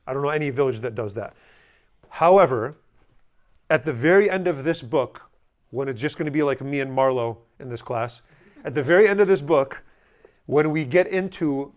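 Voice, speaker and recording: A man's voice: medium pitch, darkish tone, dull audio. A man teaching a language class, stressing points emphatically, drilling pronunciation with students and slipping in dry jokes. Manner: dry humorous asides.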